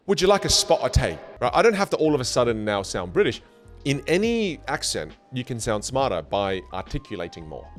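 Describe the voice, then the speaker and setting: Energetic male speaking coach, very animated delivery, faint music bed behind. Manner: energetic, emphatic, playful with big pitch jumps. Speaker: communication skills coach. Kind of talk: online lesson to camera. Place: studio.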